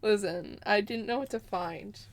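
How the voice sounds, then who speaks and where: A woman's voice: medium pitch, moderate pace. A woman streamer chatting casually and giggling while she fiddles with her setup. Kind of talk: casual live-stream chat.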